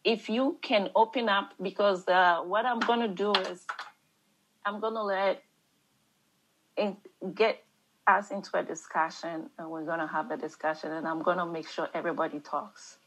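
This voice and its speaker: Woman, African accent, Bible study leader, low voice, halting, repeats words, reads scripture aloud. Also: fairly even intonation, fairly bright tone, slight background noise, low-quality recording. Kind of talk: leading a church discussion and reading scripture aloud.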